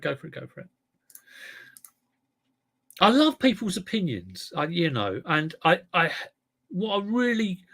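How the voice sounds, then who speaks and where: A man's voice: a little high, fairly bright tone. A man hosting a casual livestream, reading chat comments and rambling with lots of restarts and fillers. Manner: rambling, self-correcting, chatty.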